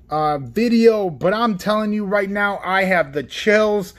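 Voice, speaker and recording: A man hosting a card-opening video, listing cards quietly and getting excited over good pulls. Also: takes it slowly. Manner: excitable, repeats "guys" and "oh my god"; lists cards in a low, subdued voice. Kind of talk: casual unboxing commentary.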